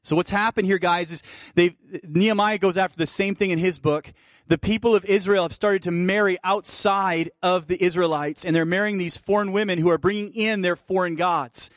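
A male pastor preaching a sermon, shifting between fervent emphasis and soft, intimate asides. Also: sits high, fairly even intonation, moderate pace, no room sound, studio quality. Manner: preaching with rising fervor, then dropping to soft intimate tones.

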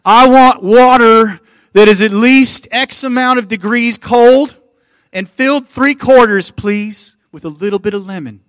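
This is a pompous, entitled pastor with a put-on American accent, voiced by a man. He speaks high and loud, and every picky demand comes out as a self-important expectation. The sound is close and dry. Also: unhurried, dry recording.

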